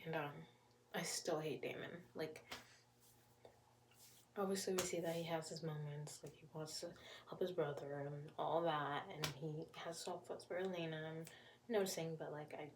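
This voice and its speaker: A woman's voice: low voice, fairly even intonation, moderate pace, background noise. A woman chatting casually as a vlogger reviewing a TV series, rambling and repeating phrases for emphasis. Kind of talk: casual chat.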